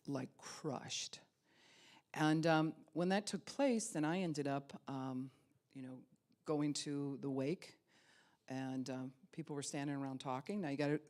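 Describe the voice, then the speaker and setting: Woman pastor telling a personal story. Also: rumbling low. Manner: animated, acts out remembered voices. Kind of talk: storytelling sermon.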